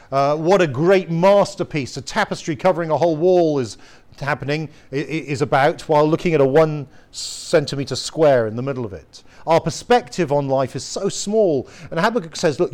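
A man preaching a sermon in an earnest, emphatic way, asking his listeners rhetorical questions and slowing down to read scripture. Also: on the high side, a little mellow. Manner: slows down to read scripture quotes.

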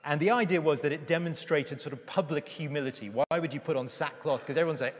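A man preaching a sermon with emphasis, slowing down to read scripture aloud. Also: a little high. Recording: reverberant hall.

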